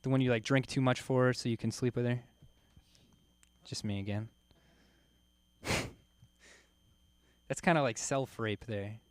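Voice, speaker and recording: Male stand-up comic, loose and self-mocking, smooth tone, dry sound. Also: medium pitch, fairly even intonation, unhurried, long pauses, no echo. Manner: loose, self-mocking, laughing at own jokes. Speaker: stand-up comedian. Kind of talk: stand-up set. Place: comedy club stage.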